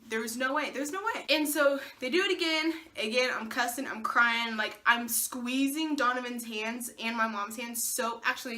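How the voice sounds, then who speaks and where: A young woman vlogger, her voice a little high, tells a personal story casually and animatedly. She acts out the dialogue, laughing and swearing as she goes.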